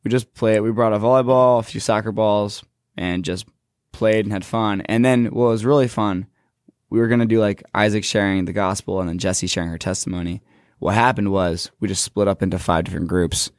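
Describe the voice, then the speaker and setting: A young man who works in children's ministry, casually recapping a trip on a talk show in a relaxed, filler-heavy way. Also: on the low side, brisk, clean tone, dry recording, studio quality.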